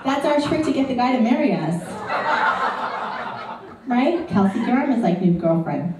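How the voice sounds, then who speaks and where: A woman's voice: fairly high pitch, sing-song, a little slow, heavy reverb, recorded from a distance, background noise. A woman performing a stand-up comedy set in a club, chatty and ironic, full of "like" and "you know".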